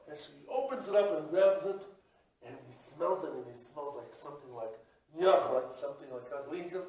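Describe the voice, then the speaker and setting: A man serving as a rabbi and yeshiva supervisor, telling a story in a religious lesson in an animated, halting way with many restarts. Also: high voice. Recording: echoey room, mic at a distance.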